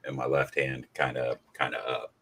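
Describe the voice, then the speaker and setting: A man's voice: rumbling low, completely flat delivery, normal speed, a bit bright, breathy edge. A man playing a tabletop game, speaking hesitantly with lots of fillers. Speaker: player.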